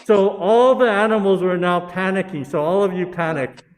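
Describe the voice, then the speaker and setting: This man's voice sits high and sounds as if it's in a large hall. He's leading a Buddhist service over video call, taking his time as he narrates a story and gently coaxes participants into the parts he assigns them.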